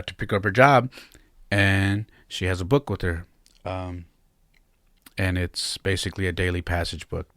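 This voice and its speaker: Low-voiced man telling a heartfelt story. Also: fairly bright tone, no echo, studio quality. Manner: heartfelt, candid, reflective. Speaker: podcast host. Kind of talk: personal storytelling.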